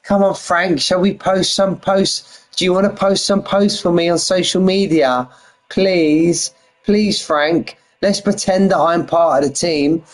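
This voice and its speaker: A man doing a higher-pitched impression of a whiny, pleading friend from his racing league. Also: fairly even intonation, unhurried. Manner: begging, sing-song.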